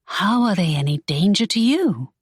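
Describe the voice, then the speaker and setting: A woman's voice: mid-range voice, very animated, normal speed, breathy edge, no room sound, clean studio sound. A woman reading an audiobook, voicing a spirited young woman who protests in exasperation. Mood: indignant. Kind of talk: audiobook character voice.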